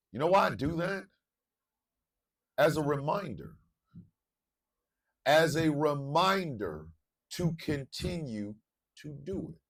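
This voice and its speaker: Swinging from low murmurs up to full shouts, a male morning show host pours himself into a passionate monologue with repeated phrases. The mic sits far from him.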